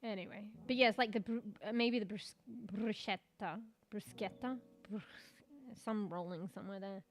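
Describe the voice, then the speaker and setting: A woman's voice: medium pitch, a little fast. An Australian woman streaming as a VTuber, chatting casually in a rambling way, swearing and chuckling now and then. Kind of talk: casual live-stream chat.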